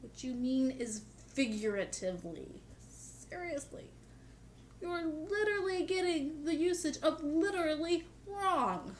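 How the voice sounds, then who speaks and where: A woman's voice: high-pitched, big pitch swings, measured pace, slight background noise. A young woman vlogging in a casual, chatty way, with dry humor and lots of "like". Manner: chatty, peppered with "like". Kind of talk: casual chat to camera.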